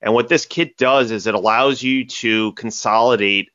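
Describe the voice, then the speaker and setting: A man's voice: medium pitch, normal speed, fairly bright tone, dry recording. A man as a podcast guest, telling stories animatedly and tagging points with "right?". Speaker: cybersecurity company guest. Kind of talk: podcast interview answers. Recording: dull lo-fi dry audio.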